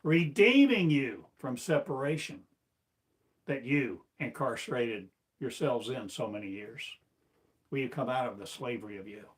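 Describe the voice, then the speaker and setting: A man preaching a sermon as a spiritual teacher, slow and declamatory, firing off one rhetorical question after another. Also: medium pitch. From United States.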